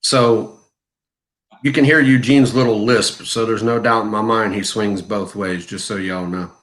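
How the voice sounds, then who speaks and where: A man's voice: fairly low pitch, steady tone, unhurried, a bit bright. A man co-hosting a live fragrance show, ranting in a blunt, mocking and crude way. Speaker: co-host of a fragrance review livestream. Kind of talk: heated livestream rant.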